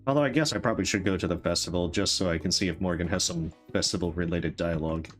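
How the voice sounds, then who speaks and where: A man's voice: low voice, fast. A man streaming a game, playfully chatting to the characters as he plays. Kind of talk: casual gameplay commentary. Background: faint game music.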